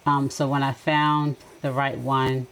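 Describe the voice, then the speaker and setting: Low, gravelly middle-aged woman. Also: flat delivery, unhurried, rough recording. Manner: reflective, gently advising. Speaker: podcast guest. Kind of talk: casual podcast conversation.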